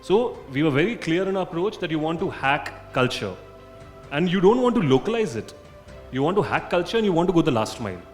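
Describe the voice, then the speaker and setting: A man's voice: a little high, sing-song, fairly quick, faint music behind. Assertive man on panel. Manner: assertive, emphatic. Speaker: panelist, brand marketer. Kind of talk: conference panel discussion.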